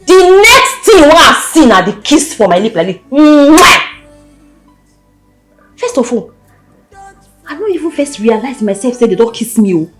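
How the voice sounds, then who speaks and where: A woman with a Nigerian accent playing a brash, loud-mouthed young village woman who rants and hurls insults in pidgin. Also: on the high side, sing-song, normal speed, long pauses, faint music behind. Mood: indignant.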